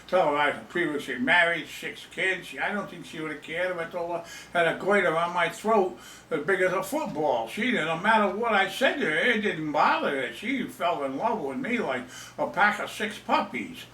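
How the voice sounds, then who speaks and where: Rambling older man, bright, in an echoey room. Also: a little high, lively intonation, normal speed, recorded from a distance, a little hiss or hum. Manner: rambling, self-mocking, repeats himself. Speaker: storyteller. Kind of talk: casual storytelling. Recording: echoey room, away from the mic.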